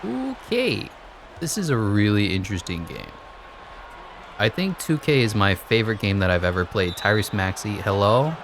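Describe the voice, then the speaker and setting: A man giving sarcastic, exasperated commentary over his own basketball video game play, jumping up high when he gets annoyed. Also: expressive, moderate pace, background noise. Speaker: gaming commentator. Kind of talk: live gameplay commentary.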